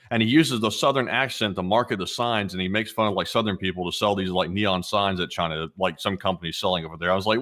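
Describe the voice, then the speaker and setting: Relaxed young man reading donations. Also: fairly low pitch. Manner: relaxed, rambling, filler-heavy. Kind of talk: casual livestream chat.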